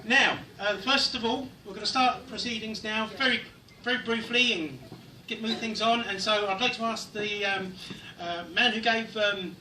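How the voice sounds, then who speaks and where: A man's voice: high-pitched, moderate pace, hardly any pauses, distant mic, slight background noise. A man acting as master of ceremonies at a wedding, chatty and laughing as he moves things along. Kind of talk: wedding announcements. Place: wedding reception hall. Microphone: mobile phone far from the speaker. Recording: phone recording from afar, echoey hall, loud crowd. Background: guests chattering.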